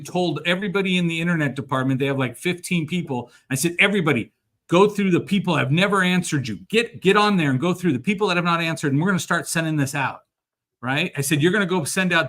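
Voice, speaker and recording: Man, fairly high voice, animated sales trainer, acts out quotes, laughs often. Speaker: sales trainer and show host. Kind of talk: energetic sales coaching on a live show.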